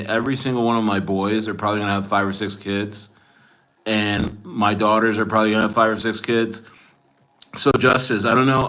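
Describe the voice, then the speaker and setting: A man in his forties is hosting a livestream, his fairly low voice carrying a sharp edge. He chats boastfully with viewers, rambling and restarting again and again.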